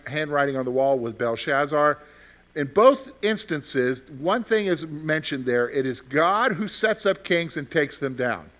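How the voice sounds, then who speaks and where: With a high, bright voice and a forward tone, a man teaches a Bible study class through interactive discussion. He puts questions to the group, restates his points, and keeps asking "okay?" to check in.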